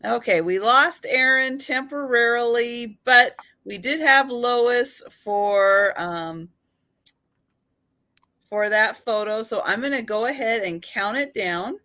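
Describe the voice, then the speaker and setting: A woman's voice: fairly high pitch, slow, sharp tone. A woman hosting a live online sale, chatty and giggly, laughing between her remarks. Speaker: host of an online photo sale. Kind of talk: live-stream sale chat.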